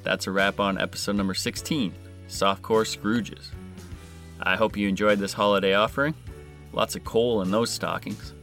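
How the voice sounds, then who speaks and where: A man's voice: on the low side, steady tone, moderate pace, a bit bright, soft background music. A man hosting a podcast, reading a scripted story with crude, sarcastic jokes. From Canada. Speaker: podcast host.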